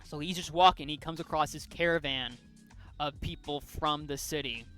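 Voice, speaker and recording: A man's voice: fairly high pitch, moderate pace, pushed and bright, faint music behind. A man co-hosting a podcast, casually retelling a comic's plot with many fillers and restarts. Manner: rambling with frequent fillers and restarts. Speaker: podcast co-host.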